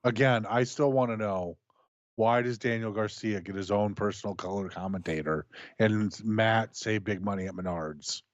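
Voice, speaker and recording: A podcast co-host from New York talks bluntly, with an exasperated tone. His pitch is ordinary. The recording sounds dull and muffled, and dry. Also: normal speed, no room sound. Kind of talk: casual chat.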